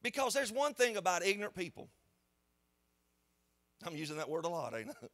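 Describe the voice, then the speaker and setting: A man, a pastor preaching a sermon in a church in an animated, conversational storytelling way. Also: high-pitched, fairly quick. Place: church sanctuary.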